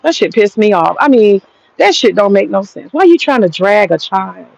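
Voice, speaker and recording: An American woman hosts a livestream and rants bluntly, cussing freely as she reacts to the chat. Her pitch sits in an ordinary middle range for a woman. The stream audio is dull and lo-fi. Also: sing-song, moderate pace, vocal fry, a little hiss or hum. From United States. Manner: blunt, profane ranting. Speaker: livestream host. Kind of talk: livestream commentary reading chat.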